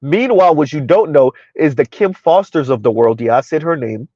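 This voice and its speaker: Man, slightly high voice, casual stream commentary, rhetorical questions, dry dull home-mic sound. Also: expressive, moderate pace, mellow, dry recording. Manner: rhetorical, repeats "who would have ever thought" and "right? huh?"; talks about himself in third person. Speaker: commentary host.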